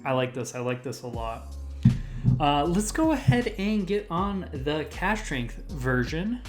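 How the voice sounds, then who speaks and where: Over soft background music, a man on his own whiskey review channel speaks a little slowly in a slightly high voice with big pitch swings. He casually runs through tasting notes in rambling lists, filling them with "like."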